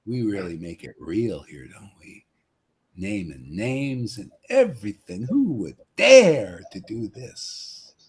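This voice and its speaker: Leading an informal spiritual discussion on a live stream, a man preaches emphatically in a lowish voice at a slow pace. He keeps adding "man" to his lines and shifts between mockery and excitement.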